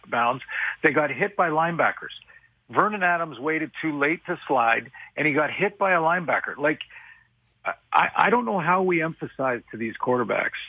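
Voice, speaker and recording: A man talks football as a radio analyst, halting and circling back, often flagging his own sarcasm. His voice is husky and sits in a middle register. It comes through a dry, tinny phone line. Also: on the high side, dry recording. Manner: halting, restarts often, self-aware sarcasm. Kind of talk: radio sports talk.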